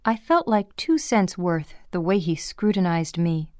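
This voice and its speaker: Smooth-voiced woman reading a memoir. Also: on the low side, big pitch swings, darkish tone, no room sound, clean studio sound. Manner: measured, plain storytelling. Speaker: audiobook reader.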